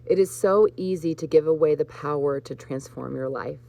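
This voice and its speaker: Low-voiced woman reading spiritual cards. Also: moderate pace, gravelly. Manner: warm, emotional, choked up with laughter at times. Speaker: host. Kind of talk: live card reading for viewers.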